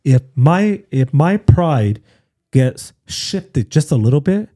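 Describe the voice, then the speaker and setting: A man with a very dark, husky voice tells a personal story as a podcast guest. He talks casually and animatedly, slipping into other people's voices. The recording is very dry and close. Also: fairly high pitch, takes it slowly, no room sound. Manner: animated, acts out quotes, many fillers.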